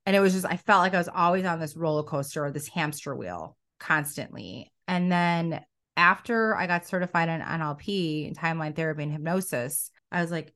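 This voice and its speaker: A middle-aged woman with a somewhat low voice tells her story as a podcast guest. She is animated and slips into quoting her own thoughts along the way. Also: brisk. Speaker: coach and academy founder.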